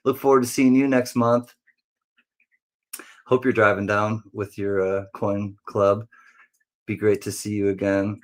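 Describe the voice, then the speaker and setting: A man hosting a casual livestream who greets viewers one by one in a friendly, rambling way and now and then jumps into silly high voices. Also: level tone, normal speed.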